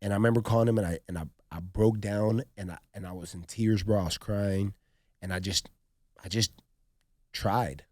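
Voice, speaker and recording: A man who is a podcast guest and former pastor, telling stories in an animated, slangy way. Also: on the low side, normal speed, no room sound, studio quality. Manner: animated, slangy storytelling, calling the listener "dog" and "bro". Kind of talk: candid conversation.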